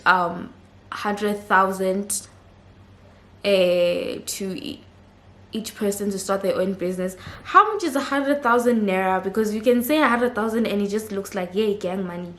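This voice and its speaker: A woman giving a chatty, expressive recap of a reality TV episode, laughing readily as she talks. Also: mid-range voice, roomy sound. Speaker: reality TV reviewer.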